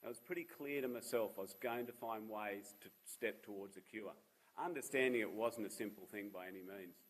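A man's voice: lowish voice, fairly quick, breathy edge, low-quality recording. A man in his fifties with an Australian accent, giving a seminar talk as a charity founder, telling personal stories with self-deprecating humour. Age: 50s. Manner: humorous, self-deprecating storyteller. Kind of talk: public talk with personal anecdotes.

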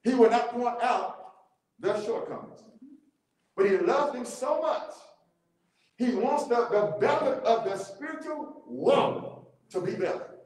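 A man leading a church Bible study, animated, repeating key words and laughing often as he teaches. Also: extremely high pitch, measured pace, pauses often. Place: church room. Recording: very echoey church room.

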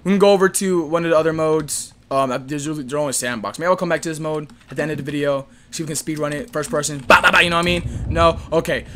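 A young man giving casual, excitable gameplay commentary full of slang, with game gunfire behind him. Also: fairly high pitch, fast, few pauses, slight background noise. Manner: excitable, yelling at enemies, slangy. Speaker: gaming YouTuber.

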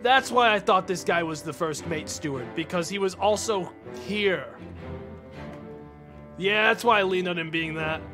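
Music plays under a man's high voice as he speaks a little slowly. He's a gaming streamer giving casual live commentary on a mystery game, thinking things through aloud and talking with his chat.

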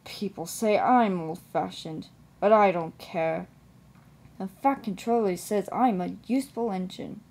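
Girl doing a kind old steam engine guy, pitched up and worked up, kinda husky and slow. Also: exaggerated voice. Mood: indignant. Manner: excited, pleading.

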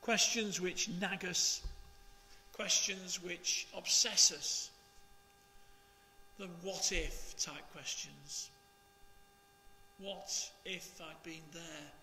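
A man, a priest, reading the Gospel and preaching in a slow, measured, expressive way. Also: sits high, long reverb tail.

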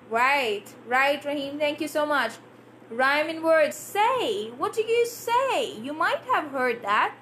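A woman teaching a live English pronunciation lesson, repeating words slowly and answering viewers' questions. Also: high voice, very animated, fairly bright tone, a little hiss or hum. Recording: faint room ambience.

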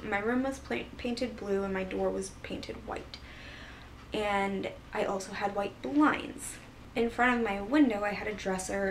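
A woman vlogger tells a personal story in a loose, rambling way, full of fillers and restarts. Her voice stays level and mid-pitched with little rise or fall. She sits a little back from the mic, with a faint hiss in the background. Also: vocal fry, far from the mic, poor audio. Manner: rambling, filler-heavy retelling. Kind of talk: casual storytelling.

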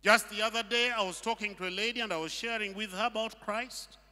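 A man's voice: sits high, quick pace, pushed and bright. A male pastor preaching a sermon, emphatic and full of rhetorical questions. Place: church hall. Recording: long reverb of a hall.

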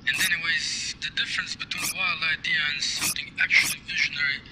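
An actor playing a calm, formal male scientist leader who speaks without contractions. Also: fairly high pitch, fast, music in the background, close to an everyday voice, rough recording. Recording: game audio with steady background noise.

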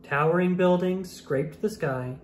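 A reader narrating a children's picture book aloud with an expressive, sing-song rhyming delivery. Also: medium pitch, measured pace. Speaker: storybook reader. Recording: roomy echo with faint room noise.

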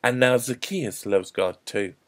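A man voicing a kind religious teacher in a children's Bible story, speaking gently and invitingly. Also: medium pitch, a little slow, lightly acted. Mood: gentle.

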